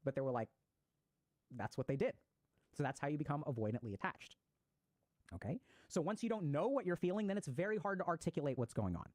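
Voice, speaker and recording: A man's voice: fairly high pitch, very animated, fast, pauses often, darkish tone, no room sound. A man giving a conversational lecture on psychology, explaining ideas and acting out short example voices.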